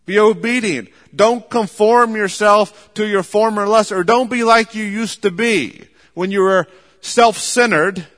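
A man with a high voice preaches a sermon in measured, emphatic phrases, stressing points by repeating words. His voice rings out with the long reverb of a large hall. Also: fairly even intonation, fairly bright tone.

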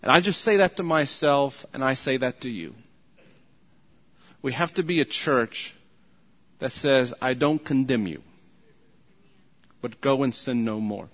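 A man preaching a sermon as pastor, earnest and pleading, slowing down to stress his points. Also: medium pitch, fairly bright tone. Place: church sanctuary.

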